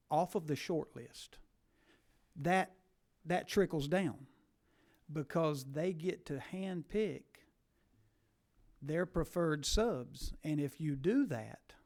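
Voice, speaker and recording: A man's voice: on the high side, slow, long pauses, darkish tone. A man questioning witnesses at a legislative committee hearing, pressing his point and repeating words for stress.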